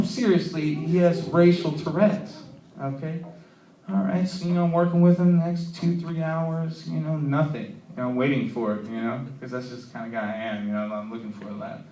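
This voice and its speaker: Rambling, profane stand-up comic in a roomy club. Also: male voice, fairly high pitch, slight background noise. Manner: rambling, profane, heavy with "you know". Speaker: stand-up comedian. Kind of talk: open mic stand-up. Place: comedy club stage. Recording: roomy club sound from a distant mic.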